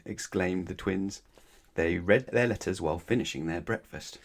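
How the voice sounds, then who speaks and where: A man reading a children's bedtime story aloud in a gentle, expressive storytelling manner. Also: deep voice, normal speed. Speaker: storybook reader.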